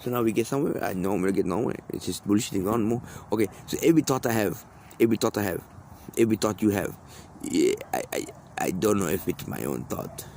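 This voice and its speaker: Rambling, foul-mouthed man in a low, rough voice, recorded outside in a park over traffic. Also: animated, fast talker, darkish tone, poor audio. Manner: rambling, repetitive, swearing a lot. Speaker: podcast host. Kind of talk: rambling profane monologue. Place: outdoors in a park. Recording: outdoor traffic noise.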